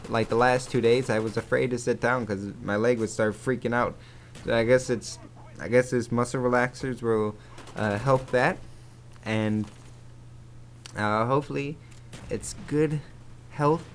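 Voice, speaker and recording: Over his gameplay video, a young gaming YouTuber rambles casually through a story, restarting often and swearing offhandedly. His voice is medium in pitch, with a little hiss or hum on the recording.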